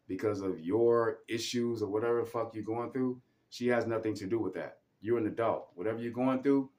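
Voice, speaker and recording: Low-voiced man in a heated rant. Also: a little mellow. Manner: heated, repetitive, profane, preaching. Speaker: vlogger. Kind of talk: angry personal rant to camera.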